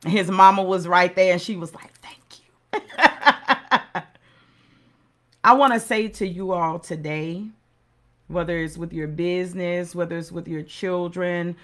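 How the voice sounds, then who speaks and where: A woman's voice: on the low side, fairly even intonation, moderate pace, a bit bright. Middle-aged woman giving a pep talk, earnest and preachy, keeps repeating herself for emphasis. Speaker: host of a motivational segment. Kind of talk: motivational talk.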